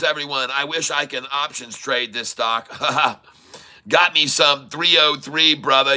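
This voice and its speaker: Guy doing live trading commentary, real bright sharp voice, kinda high, hyped up and talking straight to viewers. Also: slow, a little hiss or hum. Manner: excitable, coaching viewers, repeats prices aloud. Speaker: day-trading livestream host.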